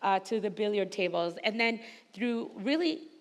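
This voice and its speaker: A woman's voice: mid-range voice, normal speed. Woman with a slight accent, reverberant hall. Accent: Spanish-influenced English. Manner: energetic, emphatic, laughs often. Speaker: panelist. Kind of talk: panel discussion. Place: conference hall stage.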